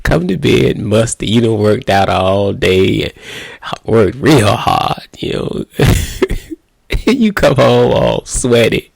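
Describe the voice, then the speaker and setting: A man's voice: lowish voice, sing-song, slow pace, creaky, breathy edge, dry recording. A man, a pastor, giving folksy marriage advice to husbands in a playful, conversational way and acting out little scenes. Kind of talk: casual marriage talk to men.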